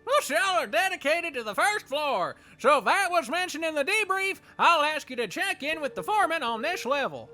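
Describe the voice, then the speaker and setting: A man voicing a manic, boyish male dog who guides miners, squeaky and excitable. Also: normal speed, hardly any pauses, faint music behind, heavily acted. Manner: excitable, shouty, pushy.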